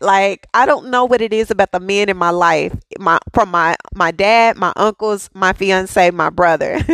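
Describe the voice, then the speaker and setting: A woman's voice: medium pitch, measured pace, few pauses, a bit bright, no echo, rough recording. A woman in her thirties hosting a devotional podcast, telling a personal testimony in a conversational way and often checking in with "okay?". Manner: storytelling, conversational, emphatic "okay?" asides.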